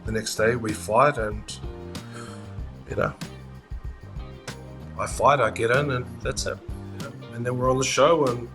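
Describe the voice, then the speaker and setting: A man with a New Zealand accent, an interviewed fighter recounting his story in a casual, lively way and acting out the exchanges he describes. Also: medium pitch, a little slow, pauses often. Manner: lively retelling, acts out quoted exchanges. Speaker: interviewee, mixed martial arts fighter. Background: music.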